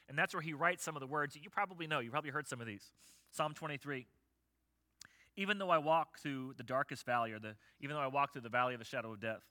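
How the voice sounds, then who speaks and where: A middle-aged man preaching a sermon, telling stories in an animated, conversational way. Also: on the high side. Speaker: pastor.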